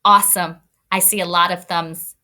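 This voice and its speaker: A woman's voice: fairly low pitch, flat delivery, normal speed, bright, forceful tone. A woman teacher giving a read-aloud lesson to young children, encouraging and thinking aloud as she explains.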